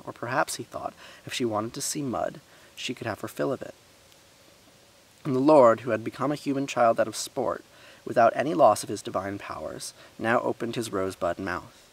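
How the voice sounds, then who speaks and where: A man reading a story aloud in a lively way, giving the characters voices and adding his own remarks. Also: lowish voice.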